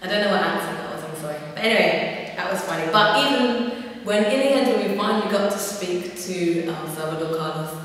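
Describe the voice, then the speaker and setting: A young woman vlogger with a lowish voice chats casually and a little fast, telling funny stories with laughs and fillers. She sounds far from the mic in a very echoey room with faint ambience.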